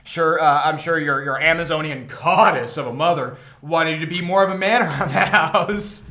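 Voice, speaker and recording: Young male game master, rambling and profane, slightly high voice. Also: normal speed, bright, forceful tone. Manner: rambling, stumbling, swearing, laughing often. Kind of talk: casual stream chat running a tabletop game.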